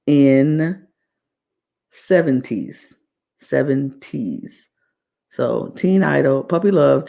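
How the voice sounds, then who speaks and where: A woman's voice: low-pitched, creaky, a little mellow. A woman hosting a podcast, recapping a reality show in a casual, rambling way and often repeating herself. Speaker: podcast host.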